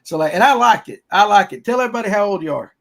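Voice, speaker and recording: A man hosts a casual fishing podcast. His voice sits a little high, and he talks in a folksy, rambling, upbeat way. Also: lively intonation, racing, a bit bright. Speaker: podcast host.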